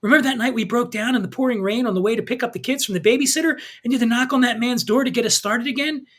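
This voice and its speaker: A man voicing a reproachful wife who chides her husband, speaking quickly and earnestly. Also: very high voice, a bit bright, voice pushed up. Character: scolding churchgoing wife, middle-aged woman.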